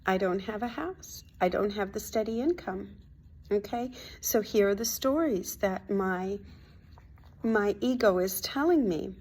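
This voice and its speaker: A woman talking through a personal spiritual vlog in a heartfelt, confiding way, at times dropping to a soft near-whisper. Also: mid-range voice, expressive, measured pace, husky. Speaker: hypnotherapist and spiritual vlogger.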